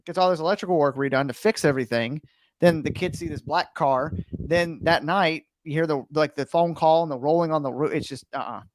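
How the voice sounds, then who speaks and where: Man podcast host, fairly high voice, dry close sound, casual chat full of fillers. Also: a little fast, no room sound. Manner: chatty, many filler words like "like".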